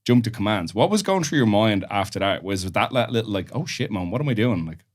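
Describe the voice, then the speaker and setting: An Irish man hosting a podcast, relaxed and encouraging, recapping the story before he asks his question. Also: fairly low pitch, fairly quick. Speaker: podcast host. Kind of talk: casual interview chat.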